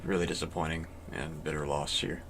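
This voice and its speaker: A man's voice: extremely low pitch, flat delivery, a little fast, noisy background. A man playing online chess and thinking aloud, in a glum, self-critical mutter. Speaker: chess player.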